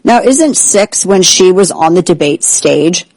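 A woman's voice: lowish voice, animated, a little slow, a little mellow, no echo, low-quality recording. A woman hosting a political talk show, delivering indignant, sarcastic commentary.

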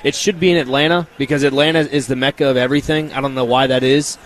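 A man co-hosting a casual radio show, from Tennessee, bantering quickly and cheerfully. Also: medium pitch, steady tone, slight background noise. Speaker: radio co-host. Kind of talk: casual sports radio chat.

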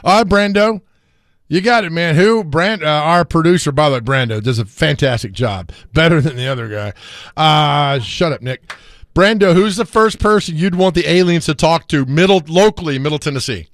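A male sports radio host talks with his studio crew in easy banter, laughing and joking between topics. His voice sits a touch high, and the sound is dry and close on a studio microphone. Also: expressive, moderate pace, no echo. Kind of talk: casual sports radio chat.

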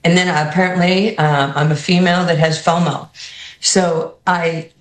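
A woman with a New York accent, coaching basketball, tells stories in an interview. She acts out the people she quotes with an animated, lively delivery. Her voice carries a roomy studio echo. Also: on the low side, moderate pace. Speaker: basketball head coach, guest. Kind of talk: storytelling interview answers.

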